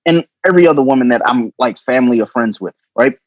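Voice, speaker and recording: A middle-aged man co-hosting a podcast, chatting loosely and profanely with animated storytelling. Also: medium pitch, fast, dry recording, muffled recording. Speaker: podcast co-host. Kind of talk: casual podcast chat.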